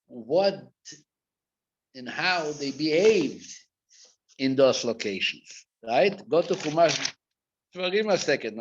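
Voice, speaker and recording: A man teaching a live Torah class as a rabbi, mixing Hebrew and Yiddish terms into English and swinging from loud acted rebukes to quiet asides. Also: a little high, slight background noise. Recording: dull lo-fi classroom recording.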